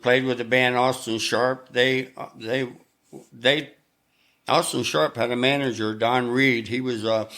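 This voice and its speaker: A man's voice: medium pitch, little pitch movement, unhurried, fairly bright tone. An older man, a guest musician, telling anecdotes in a casual chat and acting out the voices of the people he quotes. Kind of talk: casual storytelling.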